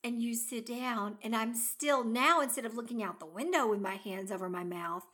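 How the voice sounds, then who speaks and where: A woman co-hosting a casual chat, telling a story with lively quoted gasps. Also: fairly high pitch, normal speed. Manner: animated storyteller, acts out her own gasps and quotes.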